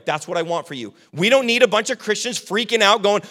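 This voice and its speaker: A young adult man preaching a sermon as pastor, casual and joking, acting out quick quotes. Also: high voice, animated, bright, forceful tone.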